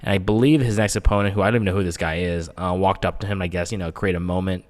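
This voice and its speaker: A man with a fairly low voice hosts a loose, casual fight-sports chat. He jokes a lot and keeps moving the segments along. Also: steady tone, very fast, in a large hall. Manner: joking, laughs often, leads segments. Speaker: podcast co-host.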